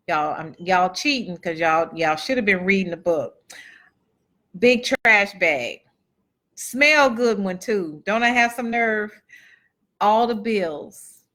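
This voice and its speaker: A woman with a bright, forward voice shares a personal testimony with a live crowd. She talks in a chatty, folksy way, calls the listeners y'all and acts out the dialogue as she goes. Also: medium pitch, animated, takes it slowly. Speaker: motivational speaker and author.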